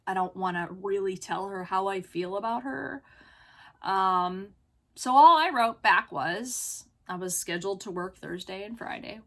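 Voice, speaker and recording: A woman's voice: mid-range voice, a little slow. Exasperated woman vlogger telling a story. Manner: animated, exasperated retelling with frequent "you know" and "like". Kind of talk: casual storytelling vlog.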